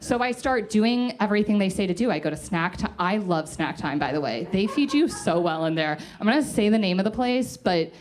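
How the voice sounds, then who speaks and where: A woman's voice: mid-range voice, animated, brisk, hardly any pauses, background noise. A woman comedian telling a personal story in a casual, profane way, acting out the people she quotes.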